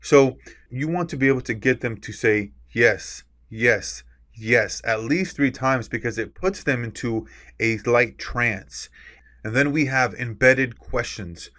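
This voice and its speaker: A man's voice: mid-range voice, a little slow, a bit bright. A man teaching a recorded course lecture. He explains with examples, stresses key words on purpose and often adds a tag "right?". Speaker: course instructor.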